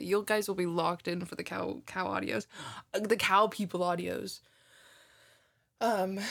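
A twenty-year-old woman chatting casually to her listeners, telling a story in an animated way and swearing freely. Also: medium pitch. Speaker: audio creator chatting with listeners. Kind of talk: casual rambling chat.

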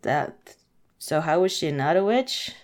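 A woman's voice: mid-range voice, big pitch swings, slow. A woman casually reading a fairy tale aloud, sarcastic and hesitant, swearing and questioning the story's logic as she goes. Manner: hesitant, many fillers and restarts.

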